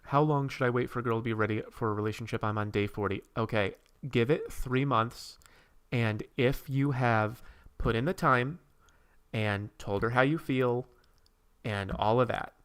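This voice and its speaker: A man's voice: medium pitch, moderate pace, a bit bright, smooth. A man hosting a casual livestream, rambling while he reads and answers viewers' comments and draws. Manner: drawing while talking. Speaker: streamer host.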